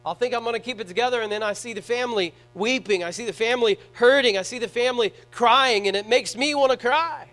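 A man preaching a sermon in a church, swinging between hushed, tender passages and loud, fervent ones. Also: very high-pitched, fast talker, hardly any pauses, faint music behind, low-quality recording. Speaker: pastor.

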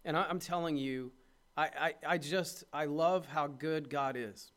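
A middle-aged man, a pastor preaching a sermon with impassioned urging that drops to soft tenderness. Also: on the high side, steady tone, unhurried.

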